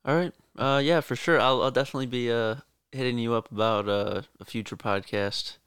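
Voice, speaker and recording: A man hosting a podcast, speaking casually and hesitantly with many pauses. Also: mid-range voice, steady tone, fairly bright tone, smooth, dry recording, studio quality. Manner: hesitant, full of hedging pauses. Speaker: podcast host. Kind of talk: casual chat.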